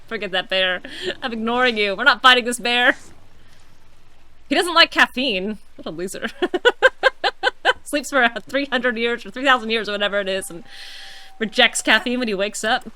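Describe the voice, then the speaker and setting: Giggly woman playing a game, bright voice. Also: on the high side, animated, unhurried, long pauses. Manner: giggly, breaks into long laughing fits. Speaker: gaming streamer. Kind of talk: casual gameplay commentary.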